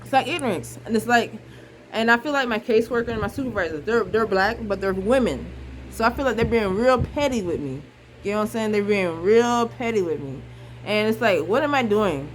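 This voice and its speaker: A woman's voice: mid-range voice, animated, fairly quick, a little hiss or hum, poor audio. Frustrated young mother venting bluntly. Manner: frustrated, repetitive, blunt, swears freely. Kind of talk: emotional casual monologue.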